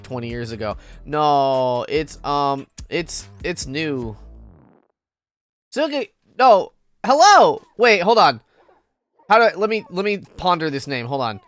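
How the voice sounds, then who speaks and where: A giggly man chats casually on a game livestream, his voice bouncing up and down in a lively way. He talks slowly and playfully. Faint music plays behind him. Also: on the high side. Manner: playful, giggly, greets chatters by name. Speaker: game streamer.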